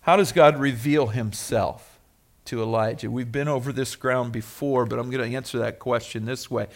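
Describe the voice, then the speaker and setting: A man preaching a sermon as a pastor, conversational, rising to emphatic stretches and dropping soft. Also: medium pitch, steady tone, normal speed.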